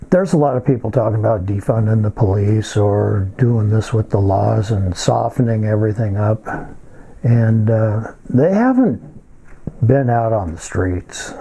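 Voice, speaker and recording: An older man telling a story in a casual monologue, halting and rambling with many filler pauses. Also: lowish voice, expressive, vocal fry, warm tone, breathy edge, rough recording.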